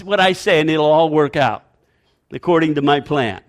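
A man with a fairly high voice preaches a sermon as a pastor at a normal pace. He repeats his key phrases with emphasis and leads the congregation in call-and-response.

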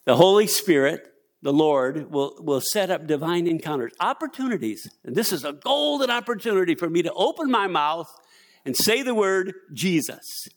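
An older man delivers a sermon with a lively, swooping voice that rises and falls as he tells his story. His pitch sits a little above the usual for a man, and he acts out the quotes he tells. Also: moderate pace. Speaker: preacher.

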